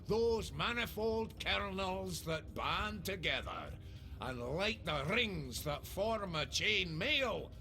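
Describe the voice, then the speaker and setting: An actor playing a proud, jovial, boastful dwarf lord in a video game, speaking with a Scottish accent in a gravelly voice. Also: male voice, high voice, very animated, slow pace, pushed and bright, soft background music, exaggerated voice. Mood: hearty.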